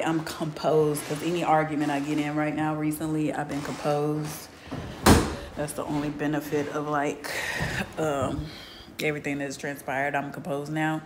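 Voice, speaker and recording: A low-pitched woman talks through a storytime, casual and emphatic, often ending her points with "period". She drops to near-hushed asides and then jumps to loud bursts. A faint hum of room noise sits behind her.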